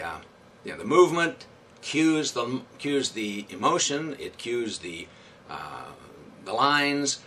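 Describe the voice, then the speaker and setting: Lowish bright voiced guy, theatre director talking in an interview, lots of uhs and you knows. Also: distant mic, slight background noise. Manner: thoughtful, with frequent fillers and restarts. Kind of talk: interview answers.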